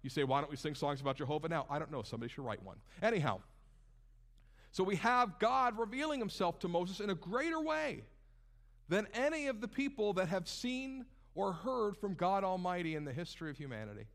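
A man preaching a sermon in a conversational, animated way with casual asides. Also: high-pitched, brisk, creaky. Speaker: pastor.

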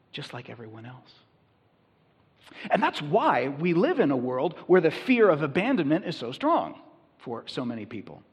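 A man delivers a conversational, emphatic sermon from the pulpit. His voice sits a little high and sounds husky, rising and falling widely as he preaches. The sound rings with the long reverb of a church hall. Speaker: pastor.

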